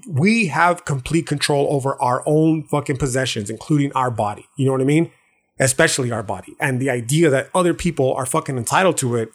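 A man hosting a podcast, talking through philosophy in a loose, profane, slangy monologue that keeps checking in with the listener. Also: medium pitch. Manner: profane, slangy, loose street-talk delivery; frequent restarts and check-ins like "okay" and "right". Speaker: podcast host.

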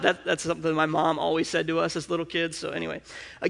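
A man's voice: a little high, level tone, fast, gravelly, bright, forceful tone. A male pastor preaching a conversational sermon, candid and personal, often restarting his sentences. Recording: long hall reverb.

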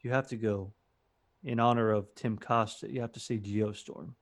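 A man's voice: on the low side, fairly even intonation, normal speed. A man co-hosting a podcast, rambling and swearing in casual banter. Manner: rambling, profane, jokey. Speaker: podcast co-host. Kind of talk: casual chat.

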